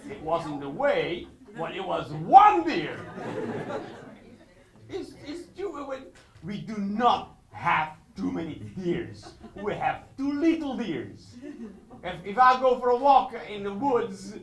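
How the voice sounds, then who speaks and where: High-voiced Flemish comedian, slow, echoey club. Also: male voice, sing-song, some chatter behind. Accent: Flemish Dutch. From Belgium. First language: Dutch. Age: 30s. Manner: halting restarts building to indignant shouting rants. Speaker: stand-up comedian. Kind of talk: live stand-up comedy. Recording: echoey room with audience laughter.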